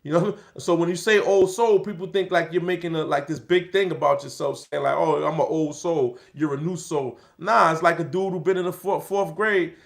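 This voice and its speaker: Man, high voice, gravelly fry, street slang, animated storytelling, middle-aged. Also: brisk, hardly any pauses. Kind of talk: casual storytelling talk.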